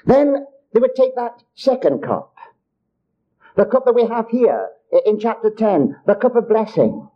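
A man's voice: sits high, big pitch swings, a little slow. An older man preaching a sermon in an earnest, repetitive way, often calling his hearers child of God. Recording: dull lo-fi recording.

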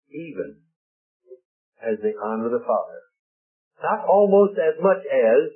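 A man preaching a sermon, slowing down and leaning hard on key words. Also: medium pitch. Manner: emphatic, slows and stresses key words. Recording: tinny lo-fi broadcast audio.

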